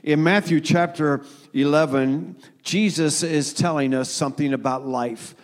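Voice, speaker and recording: Earnest middle-aged preacher. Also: male voice, on the high side, unhurried. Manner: earnest, repetitive, folksy with frequent fillers. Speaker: pastor. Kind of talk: sermon.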